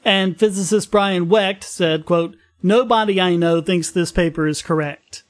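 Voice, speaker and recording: High-voiced man explaining science casually. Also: unhurried. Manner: explains at length, laughs easily. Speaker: podcast co-host presenting a science story. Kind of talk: casual science podcast chat.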